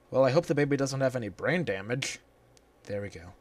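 A man giving casual gameplay commentary at home, reacting out loud, swearing, and reading the game's lines aloud. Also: medium pitch, animated, a little fast. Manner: reactive, swears, reads game dialogue aloud. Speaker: let's play gamer. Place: home room. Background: game music.

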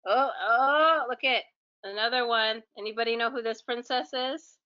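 A woman's voice: a little high, moderate pace, dull audio. A woman teacher reading a picture book aloud to children, with chatty asides to her young listeners.

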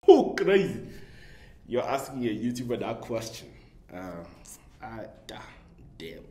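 A Namibian man on a casual group chat panel for a podcast jokes and rambles, often breaking into laughter. His voice is on the low side and somewhat mellow, with a measured pace. The room is echoey, with faint background noise.

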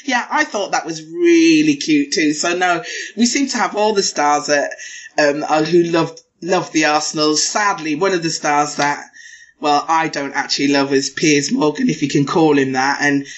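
A woman co-hosting a fan podcast, talking in a chatty, giggly way. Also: low-pitched. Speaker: podcast co-host. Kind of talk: casual podcast chat. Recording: dull lo-fi podcast audio.

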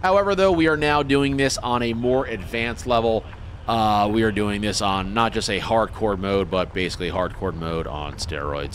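A man's voice: lowish voice, fairly bright tone, a little hiss or hum. A man hosting a casual gaming livestream, talking in a laid-back folksy trucker way and greeting his chatters. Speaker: livestream host.

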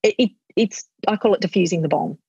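A woman's voice: on the low side, fast, vocal fry, a little mellow, breathy edge, no room sound. A middle-aged woman being interviewed in casual chat, animatedly acting out what she tells her kids. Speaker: guest. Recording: muffled dry audio.

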